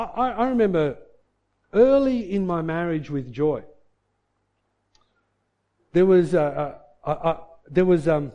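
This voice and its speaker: A middle-aged man delivers a sermon built around a personal story, with a fairly high but mellow voice. He drops into a low mutter when he acts out his own frustrated thoughts. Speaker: pastor.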